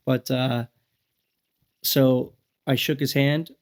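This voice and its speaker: A man around forty, a podcast guest, telling lively profane stories and acting out what people said. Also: mid-range voice, drawn-out words. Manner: profane, animated storyteller acting out quotes. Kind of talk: casual storytelling chat.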